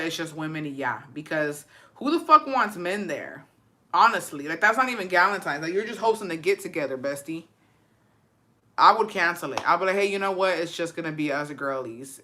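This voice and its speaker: Bright-voiced, profane woman streamer. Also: fairly low pitch. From Texas. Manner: profane, animated, mixes English and Spanish. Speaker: livestream host. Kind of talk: casual chat reacting to viewer stories.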